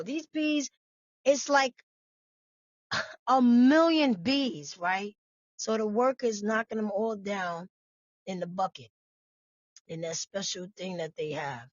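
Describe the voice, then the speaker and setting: A woman from New York giving animated, sassy commentary on the news straight to her viewers. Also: fairly high pitch, no echo, muffled recording. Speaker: vlogger.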